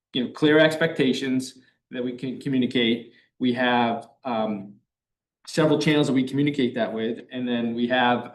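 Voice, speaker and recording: A man's voice: medium pitch, echoey room. A man speaking at a town committee meeting, thinking aloud with many fillers and restarts. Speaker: committee member.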